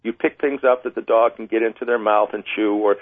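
A man's voice: lowish voice, fairly even intonation, fast, no echo. A man, a dog trainer and author, chatting as a radio guest and explaining training with everyday examples and little acted-out scenes. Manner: chatty, self-deprecating, acts out little scenes. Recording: tinny dry phone line.

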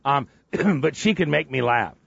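A man's voice: medium pitch, animated, a little slow, gravelly, fairly bright tone, slightly rough, dry recording, muffled recording. A man co-hosting morning radio banter, dropping dry, wry asides.

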